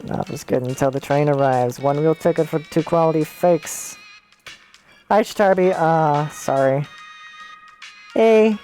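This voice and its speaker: A woman with a low, mellow voice streams a story game. She reads the characters' lines aloud and breaks off for puzzled, offhand comments, while faint game music plays behind her. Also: measured pace, long pauses. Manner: reacts with confused asides between read lines. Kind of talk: casual game stream, reading dialogue aloud.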